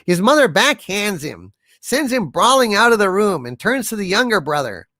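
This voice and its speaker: A man's voice: sits high, normal speed, no room sound, clean studio sound. A man hosting a casual live stream, telling jokes and reading viewer messages aloud. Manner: animated, reads viewer messages and tells jokes. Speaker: livestream host.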